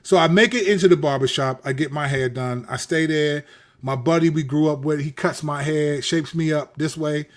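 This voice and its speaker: A middle-aged man from the Washington, D.C. area, host of his own channel, telling a personal story in a candid, animated, preacherly way with street slang and frequent repeats. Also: on the high side, normal speed.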